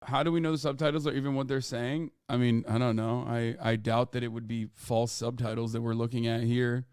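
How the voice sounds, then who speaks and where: A male livestream host giving animated, profane reaction commentary over a played clip. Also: mid-range voice, fairly quick, smooth, no room sound, studio quality.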